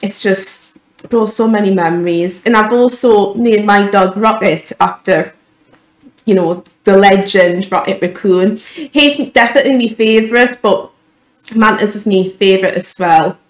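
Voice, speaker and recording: A woman's voice: mid-range voice, unhurried, reverberant, low-quality recording. A young woman giving an emotional, gushing reaction to a film trailer, stumbling over her words as a YouTube vlogger. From United Kingdom.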